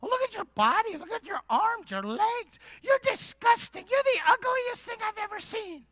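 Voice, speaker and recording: A man voicing a small male clay figure that has just come alive, talking in a high, squeaky, excited voice. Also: moderate pace, dry recording, full character voice. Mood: disgusted.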